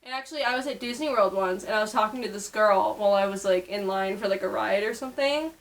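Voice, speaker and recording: A woman's voice: mid-range voice, fast talker, rough recording. A young woman from upstate New York with a New York accent, chatting casually on her video with lots of fillers. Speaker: vlogger. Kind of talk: casual chat.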